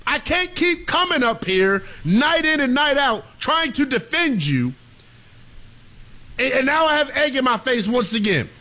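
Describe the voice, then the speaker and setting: A man's voice: extremely high pitch, very animated, a little slow, sharp tone. A young man co-hosting a sports talk show, ranting in an exasperated, emphatic way.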